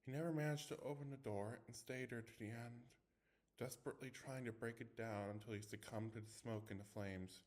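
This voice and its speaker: A man's voice: mid-range voice, fairly even intonation, brisk, darkish tone. A man reading a scary story aloud in first person, dramatic, with small stumbles. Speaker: story reader.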